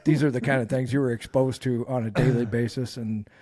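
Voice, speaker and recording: A man's voice: mid-range voice, steady tone, brisk, dark tone. A man co-hosting a podcast, chatting in an easygoing way, talking to the listeners directly and swearing casually. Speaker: podcast co-host. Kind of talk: casual chat.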